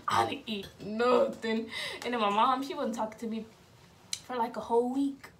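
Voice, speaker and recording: High-voiced woman telling a story. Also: normal speed, slight background noise. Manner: animated, dramatic, laughing retelling. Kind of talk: casual personal storytelling.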